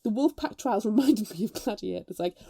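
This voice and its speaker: A woman co-hosting a casual book podcast, telling lively anecdotes, swearing freely and mimicking voices. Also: mid-range voice, brisk, vocal fry. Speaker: podcast co-host.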